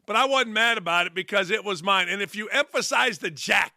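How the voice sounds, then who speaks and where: A man hosting a sports talk show, delivering a brash, emphatic monologue that builds to loud bursts on catchphrases. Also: high voice, brisk, few pauses, no echo, studio quality.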